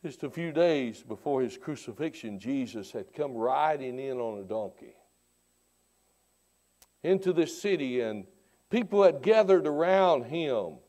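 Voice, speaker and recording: A man preaching a sermon who swings from hushed tones to shouting and keeps repeating rhetorical questions in church. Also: fairly high pitch, expressive, unhurried. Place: church sanctuary.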